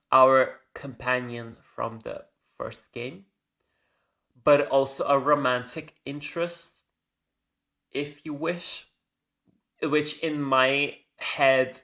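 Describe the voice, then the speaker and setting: A man's voice: mid-range voice, pushed and bright. A man hosting a casual solo podcast, rambling and correcting himself as he goes, with the odd casual swear. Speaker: podcast host.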